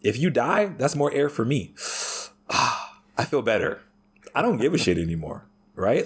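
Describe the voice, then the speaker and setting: Guy on a podcast going off, swearing a ton, husky voice, keeps saying right?. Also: mid-range voice, sing-song, moderate pace. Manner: profane, ranting, tags sentences with "right?". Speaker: podcast guest. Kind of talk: casual podcast conversation.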